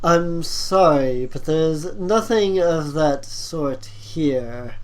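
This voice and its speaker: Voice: medium pitch, drawn-out words. A game master voicing a courteous temple priest. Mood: wary. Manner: courteous, then firm and wary. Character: polite male clockwork temple priest. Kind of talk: tabletop game role-play.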